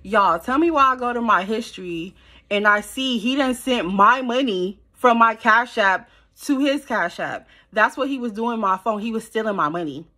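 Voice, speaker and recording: A woman telling a storytime to her viewers, animated and blunt, swearing freely, sitting close to the camera at home. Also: on the high side, moderate pace. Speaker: storytime vlogger. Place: at home in front of a ring light. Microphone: camera held close.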